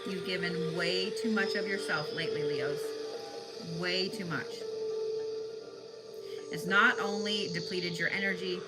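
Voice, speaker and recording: A woman's voice: on the low side, steady tone, unhurried, pauses often, rough recording. A young adult woman reading tarot cards in a casual, blunt, profane way, speaking straight to her viewers. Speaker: tarot card reader. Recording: loud music behind the voice.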